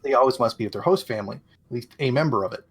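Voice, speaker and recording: This young man chats casually as a podcast co-host, walking through a show's plot with lots of "um"s and quick acted-out lines. His voice sits in an ordinary middle pitch. His delivery is loose and rambling. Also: lively intonation, slightly rough. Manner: rambling plot recap with many fillers and quoted asides. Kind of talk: casual chat recapping an anime episode.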